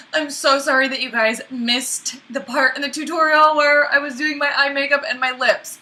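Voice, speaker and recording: A woman's voice: high voice, sharp tone. A woman talking through a makeup tutorial in a chatty, flustered way, laughing often and apologizing along the way. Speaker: beauty vlogger.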